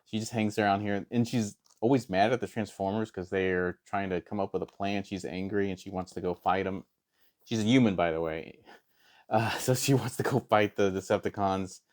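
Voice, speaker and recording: A man with a very low voice chats casually as he reviews a comic book. He rambles and hesitates, restarts his sentences, and fills pauses often. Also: steady tone, a little mellow. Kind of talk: casual chat.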